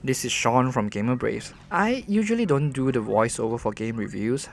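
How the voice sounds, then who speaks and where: A man's voice: medium pitch, animated, moderate pace, gravelly, background noise. A man voicing a game review as host, earnest and conversational, often restarting his sentences.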